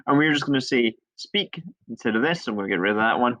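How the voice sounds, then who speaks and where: Bright-voiced man teaching a coding tutorial. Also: medium pitch, quick pace. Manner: chatty, relaxed, self-correcting, laughs off his mistakes. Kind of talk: step-by-step screen-recorded coding tutorial. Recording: dull lo-fi screen recording.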